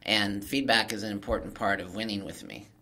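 Bright-voiced male podcast host. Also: lowish voice, fairly quick. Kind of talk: casual interview chat.

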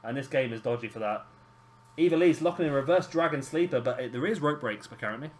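Excitable British man calling wrestling. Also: medium pitch, fast talker, a little hiss or hum. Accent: British English. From Britain. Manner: excitable, calls near-falls with rising energy. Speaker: video game commentator. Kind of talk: casual play-by-play commentary.

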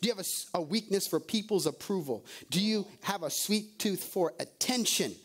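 A man's voice: sits high, expressive, normal speed, slightly rough. A male pastor preaching a sermon, firing off rhetorical questions and calling out to the congregation. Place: church service.

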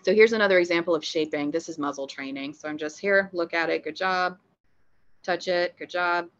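A woman who is a dog trainer and veterinary behavior technician, giving a lively, playful training lecture. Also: on the low side, quick pace, lo-fi sound. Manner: upbeat and playful, acts out dog reactions.

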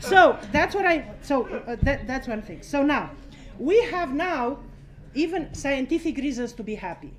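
A woman with a high voice speaks to a room of journalists, blunt and outspoken, and she swears without a second thought. She moves between outrage and laughter as she drives her points home. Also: lively intonation, measured pace. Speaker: speaker at a press conference. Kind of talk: impassioned press conference address.

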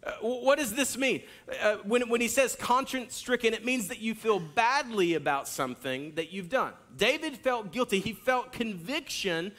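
A man in his thirties preaching a sermon in a church, telling a family story with animated delivery and acted-out lines. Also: high voice, normal speed, hardly any pauses. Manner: animated storytelling, acts out hollering and kids' lines. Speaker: pastor. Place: church sanctuary.

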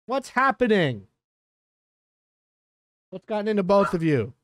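A man giving casual gameplay commentary as a streamer, chatty and quick to exclaim, breaking off to talk to his dogs. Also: high-pitched, sing-song, fairly bright tone, dry recording. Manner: chatty, exclaims often, talks to his dogs between game remarks. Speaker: gaming streamer.

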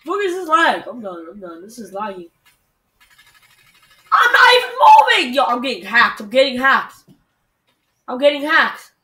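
A teenage gamer giving live gameplay commentary, frustrated, swearing and breaking into loud outbursts. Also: medium pitch, animated, normal speed. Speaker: gamer recording a video.

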